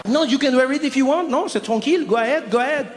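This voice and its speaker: A condescending male French shop clerk with a French accent, tacking "no?" and "okay?" onto every verdict, as a stand-up comic puts him on. The voice sits high, and it rings out in an echoey hall with faint noise behind. It is a stand-up character voice. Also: quick pace. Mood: offhand. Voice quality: clipped, dismissive tag questions.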